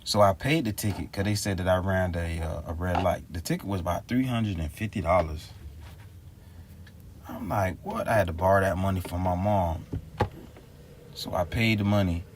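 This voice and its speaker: Deep-voiced man ranting casually. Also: normal speed, slight background noise. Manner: rambling, slangy, exasperated retelling. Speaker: vlogger. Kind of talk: casual vlog storytelling.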